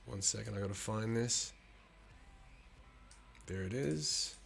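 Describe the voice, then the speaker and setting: A man's voice: fairly low pitch, slow, vocal fry, a bit bright, soft background music. A man hosting a live stream, chatting casually with his viewers, swearing often and teasing them with bursts of laughter.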